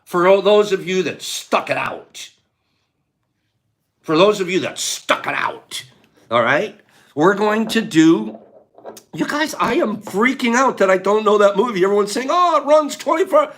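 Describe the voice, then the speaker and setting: Animated high-voiced man chatting. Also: a little slow. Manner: animated, chatty, laughs often. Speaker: livestream host. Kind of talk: casual livestream chat.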